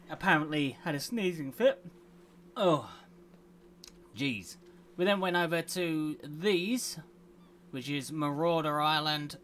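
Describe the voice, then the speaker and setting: A man's voice: on the high side, fairly bright tone, slight background noise. A man hosting a gaming channel, chatting casually and playfully grumbling as he plays. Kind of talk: casual let's play commentary.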